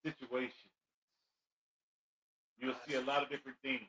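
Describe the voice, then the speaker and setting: A man chatting casually on a podcast, adding quick, agreeable comments. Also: medium pitch, flat delivery, sharp tone, husky, no room sound, rough recording. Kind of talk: casual chat.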